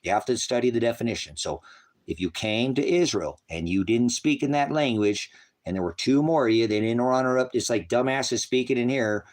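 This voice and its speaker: A man's voice: brisk, a little mellow. Profane, mocking male preacher. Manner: mocks others in shrill put-on voices. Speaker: online preacher. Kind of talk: livestream preaching, reading chat.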